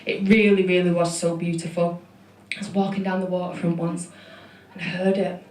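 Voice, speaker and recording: A woman's voice: fairly low pitch, level tone, normal speed, a little mellow. A young woman with a Manchester accent telling stories on stage in a chatty, self-deprecating stand-up set full of fillers. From Manchester, England. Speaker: stand-up comedian. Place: comedy club stage. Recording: echoey venue with audience laughter. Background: crowd laughing.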